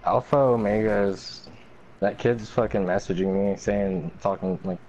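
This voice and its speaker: A man's voice: moderate pace, highs cut off, a little hiss or hum. A young man streaming a game and chatting with teammates over a headset, swearing a lot and getting frantic. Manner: swearing, excitable, often frantic and high-pitched when chased. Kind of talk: live gameplay chat with teammates.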